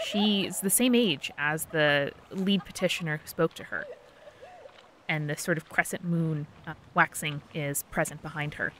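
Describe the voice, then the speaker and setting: Lady player describing a scene in a tabletop game, lowish voice, calm. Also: normal speed, a little hiss or hum.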